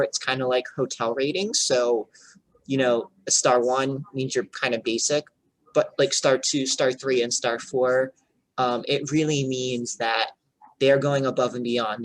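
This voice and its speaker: A man, a childcare director, giving an earnest, explanatory online workshop over a video call and pausing to check for questions. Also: medium pitch, fairly bright tone, dry recording, poor audio.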